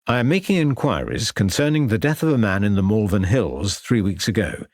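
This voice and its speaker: A polite, persistent Victorian police inspector who asks formal, probing questions, read by a male narrator. The voice is low and a little husky, with a lively rise and fall. The sound is dry and close. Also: brisk, no echo.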